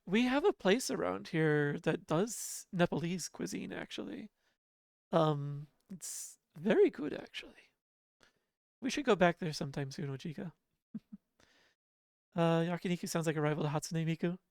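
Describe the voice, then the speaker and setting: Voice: mid-range voice, moderate pace, creaky, no echo, studio quality. A livestreamer chatting casually with viewers from home, laughing often and poking fun at themselves. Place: home apartment.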